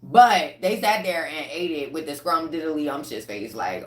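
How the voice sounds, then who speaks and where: A woman tarot reader talking to her viewers in a casual livestream reading, blunt and profane, with lively rants. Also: sits low, normal speed, few pauses, echoey room.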